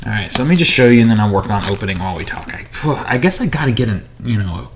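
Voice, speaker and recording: A man's voice: lowish voice, expressive, quick pace, slight background noise. A man who collects movies, chatting casually and rambling in a haul vlog while he unboxes discs in a small home studio.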